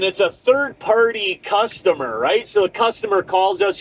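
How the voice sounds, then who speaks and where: A middle-aged male trucker with a fairly high voice rants about a rough day on the road. He swears constantly and rambles through restarts and asides as he vents about his load. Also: expressive, measured pace, few pauses, poor audio. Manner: profane, rambling, frustrated storytelling. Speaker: truck driver. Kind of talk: casual ranting vlog.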